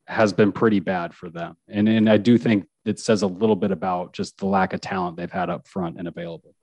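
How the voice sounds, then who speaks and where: A man's voice: deep voice, fairly even intonation, a little fast, darkish tone, no echo. A man who is a sports reporter, chatting casually about football as a guest, with frequent restarts and chuckles.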